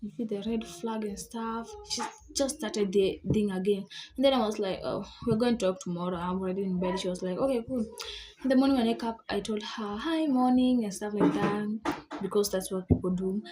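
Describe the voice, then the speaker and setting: A woman's voice: medium pitch, brisk, warm tone, slight background noise. A young girl telling a storytime vlog, retelling an argument indignantly, full of "I was like". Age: child. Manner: chatty, indignant retelling with many "I was like" quotes. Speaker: vlogger.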